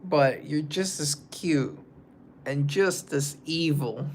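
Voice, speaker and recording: A young man, a singer, casually chatting on a livestream and reading out viewer comments in a rambling way, drifting into soft asides. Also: on the high side, takes it slowly, a little hiss or hum.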